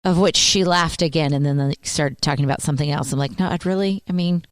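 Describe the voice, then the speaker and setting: A woman's voice: low voice, fast, hardly any pauses, dry recording. A woman in her thirties co-hosting a radio show, telling stories in casual banter and acting out the quotes. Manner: animated storyteller, acts out quotes.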